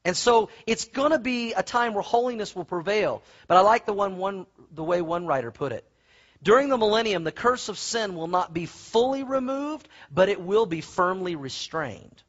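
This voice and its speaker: High-voiced, husky preacher. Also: male voice, moderate pace, lo-fi sound. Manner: animated, folksy storytelling with asides. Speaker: pastor. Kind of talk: sermon.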